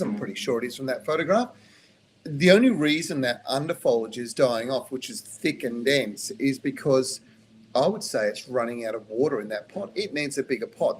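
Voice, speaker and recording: An Australian man answering gardening questions on a live stream, chatty and practical, losing his voice and clearing his throat now and then. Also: mid-range voice, a little hiss or hum. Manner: chatty and practical, with frequent ums and restarts.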